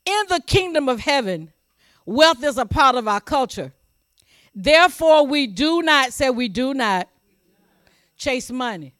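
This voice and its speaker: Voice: high-pitched, very animated, a little slow, long pauses, fairly bright tone, no echo, clean studio sound. A preacher delivering a sermon with emphasis, repeating key phrases and asking the audience whether they are paying attention. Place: church service also streamed online.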